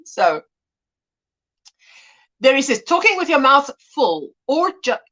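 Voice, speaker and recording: Lively, animated middle-aged woman host. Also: high voice, slow, long pauses, lo-fi sound. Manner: animated storyteller, mimics voices, laughs often. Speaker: livestream host. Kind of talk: casual chat reading viewer comments.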